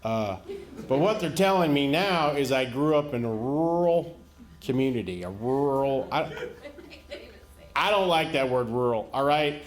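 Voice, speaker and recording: A man from rural Florida, telling stand-up stories in a folksy, unhurried way and laughing into his punchlines. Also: mid-range voice, animated. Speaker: stand-up comedian. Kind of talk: stand-up comedy storytelling. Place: comedy stage before a live audience. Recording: live show with audience noise.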